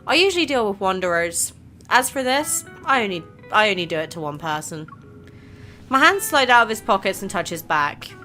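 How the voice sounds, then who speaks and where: A woman's voice: mid-range voice, sing-song, normal speed, bright, forceful tone, faint music behind. A woman hosting a casual game playthrough, chatting, reacting and reading the story aloud. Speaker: gaming channel host.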